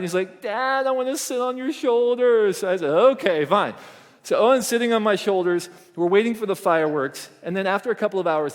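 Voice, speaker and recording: High-voiced man speaking in a reverberant hall. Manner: animated storytelling, acts out quoted voices. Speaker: conference speaker. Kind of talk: motivational keynote talk. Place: conference hall stage. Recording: long reverb of a large hall.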